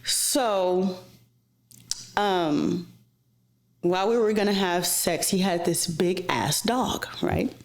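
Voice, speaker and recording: A woman's voice: lowish voice, takes it slowly, long pauses. A woman guest telling stories in casual chat, frank and profane, with lots of fillers, sometimes dropping to a near-whisper. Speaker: interview guest. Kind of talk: casual storytelling. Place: office.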